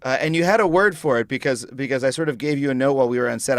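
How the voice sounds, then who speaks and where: A man, hosting a podcast in an energetic, playful, rambling way. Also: mid-range voice, racing, dry recording. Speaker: podcast host. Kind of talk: podcast interview. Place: studio.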